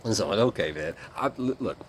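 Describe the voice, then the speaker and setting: Here a man with a lowish voice talks fast with lively intonation, a little hiss or hum under him. He's a guest rambling casually through his military days, bluntly, with plenty of fillers and curse words.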